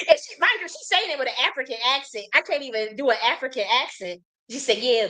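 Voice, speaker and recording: Profane, animated American woman storyteller. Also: sits high, quick pace, hardly any pauses, poor audio. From United States. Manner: blunt, profane, animated storyteller with frequent restarts. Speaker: host. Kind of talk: casual storytelling monologue.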